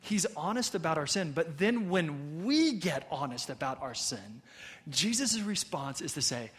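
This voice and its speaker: Animated high-voiced male pastor preaching. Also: a little slow. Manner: conversational, animated, frequent "right?" asides. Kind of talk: sermon.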